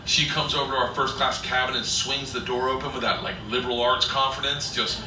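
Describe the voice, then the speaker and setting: A man telling a stand-up story loudly and excitably, often laughing at his own lines. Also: mid-range voice, brisk. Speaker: stand-up comedian. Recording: echoey distant playback with noise.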